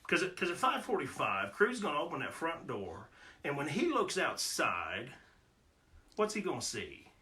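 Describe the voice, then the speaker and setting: A man's voice: on the high side, wildly swooping pitch, moderate pace, bright, forceful tone. A man telling personal stories in a casual, folksy way, with homespun humor. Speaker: storyteller. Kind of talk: casual spoken storytelling.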